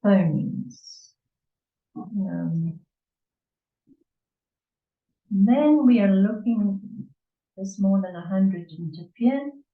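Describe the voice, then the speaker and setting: A woman tutoring English in a conversation lesson, talking things over unhurriedly with many fillers and pauses. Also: mid-range voice, expressive. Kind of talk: conversation lesson, reading from an article. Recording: echoey, distant and muffled.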